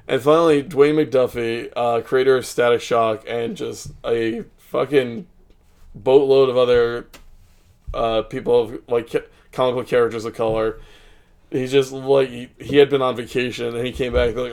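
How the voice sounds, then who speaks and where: A man with a gravelly, creaky voice of middling pitch chats casually as a podcast co-host. He tells stories with lots of energy, slips into voices for quoted lines and laughs often. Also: moderate pace. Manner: animated storytelling, laughs often, acts out quotes. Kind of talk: casual chat.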